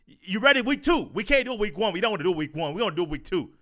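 A man putting on the voice of an excited adult male football coach who talks in stammering, repeated bursts about secret plays. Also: high voice, very fast, exaggerated voice. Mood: hyped. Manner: repetitive, stammering, hyped.

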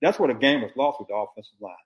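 An older man, a former football coach, giving blunt, animated opinions in casual sports talk. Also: medium pitch, rapid-fire.

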